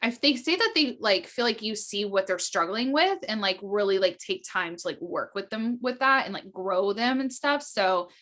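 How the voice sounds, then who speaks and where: A woman's voice: medium pitch, expressive, normal speed, hardly any pauses, fairly bright tone. A woman hosting a casual chat, gushing and upbeat, often laughing. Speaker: host.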